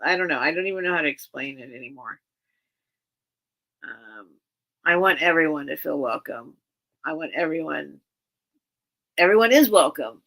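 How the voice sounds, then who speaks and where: Woman livestream seller, raspy fry under a bright voice, rambling and sincere. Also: low voice, moderate pace, long pauses. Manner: rambling and earnest, many restarts. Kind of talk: casual livestream chat with viewers.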